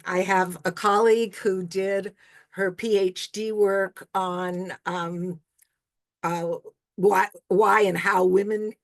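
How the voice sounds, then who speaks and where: An older woman from Canada answers audience questions as a rabbi, reflective and relaxed, with frequent small chuckles. Her voice has a gravelly grain and she takes her time, letting pauses settle between thoughts. The sound is close and dry, as on a video call. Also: medium pitch, no room sound. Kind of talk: casual Q&A talk.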